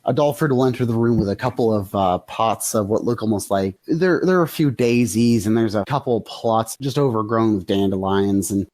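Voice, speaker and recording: A woman runs a tabletop game in a calm, steady narrating voice. Her pitch is unusually deep, and the recording is close and dry. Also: fairly quick, few pauses, no echo. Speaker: game master.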